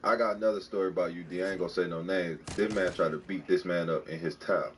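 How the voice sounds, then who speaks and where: A man telling a story in a casual, animated way, jumping into high voices to act out what others said. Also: fast talker, slight background noise. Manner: animated, acts out quotes with big pitch jumps. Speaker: podcast guest telling a story.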